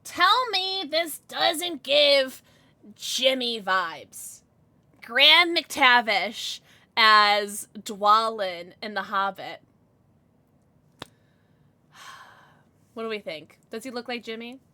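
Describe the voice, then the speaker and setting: Young female streamer, bright and lively, close dry mic, chatty and bubbly. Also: on the high side, extremely slow, pauses often, no echo. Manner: chatty, bubbly, squeals when reading chat. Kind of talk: casual live-stream chat.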